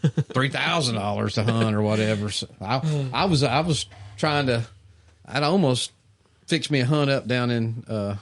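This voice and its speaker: A man's voice: medium pitch, normal speed. Folksy man telling hunting stories. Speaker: podcast co-host. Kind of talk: casual chat.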